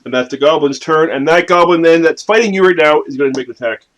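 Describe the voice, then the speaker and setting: A man serves as game master for a family tabletop game, narrating in a voice on the higher side for a man. He talks fast, keeping it playful and lively, with sudden loud bursts at dramatic moments.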